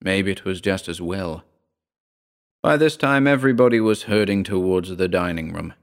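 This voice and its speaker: A man reading a first-person story aloud in a wry, measured way. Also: deep voice. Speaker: narrator.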